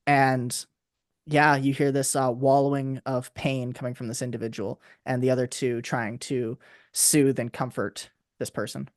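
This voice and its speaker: A man's voice: medium pitch, dry recording, clean studio sound. Man narrating as a tabletop game master. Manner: relaxed, halting narration with fillers.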